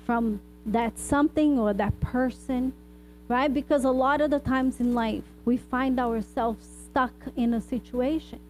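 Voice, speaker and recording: A woman's voice: sits high, darkish tone, slight background noise, poor audio. A woman speaker and therapist giving an informal spiritual talk, addressing the audience with frequent asides and rhetorical "right?" questions. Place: hall of a spiritist society.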